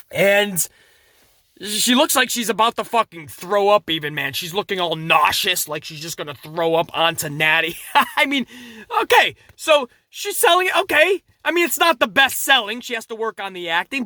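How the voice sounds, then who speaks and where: Bright-voiced animated wrestling reviewer man. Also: high-pitched, normal speed, no room sound, studio quality. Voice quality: animated, swearing, laughs at his own jokes. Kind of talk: casual profane commentary.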